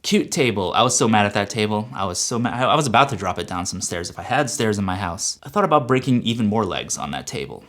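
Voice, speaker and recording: A young man telling a casual storytime rant, exasperated and animated, acting out his side of the conversations. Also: on the low side, quick pace, few pauses. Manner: exasperated, animated, quotes people in dialogue. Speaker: YouTuber.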